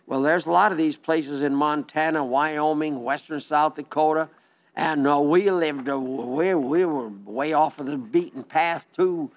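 An older man preaching a sermon in a studio, earnest and folksy, slowing down on emphatic phrases. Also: on the high side. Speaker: radio/TV preacher reading listener letters.

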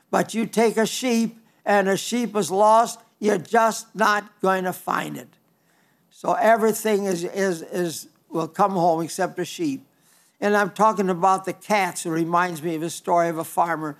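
An older man preaching a folksy sermon, telling homespun stories and often stumbling and restarting his words. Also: high voice.

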